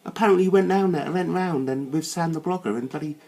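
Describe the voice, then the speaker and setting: A man delivering a furious, swearing rant as host of his own channel, dropping to low growls and then bursting out high. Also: fast, gravelly, darkish tone. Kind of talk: angry rant to camera.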